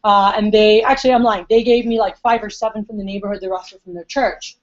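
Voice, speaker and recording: Young woman, rapid chatty sales trainer, a bit high, dull lo-fi meeting recording. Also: steady tone. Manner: chatty, acts out customer quotes. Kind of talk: storytelling sales training talk. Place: meeting room.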